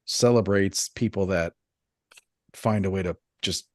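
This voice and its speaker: Rambling man with a deep dry voice. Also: unhurried, no room sound. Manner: rambling, crude, animated storytelling. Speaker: podcast co-host. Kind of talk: casual podcast banter.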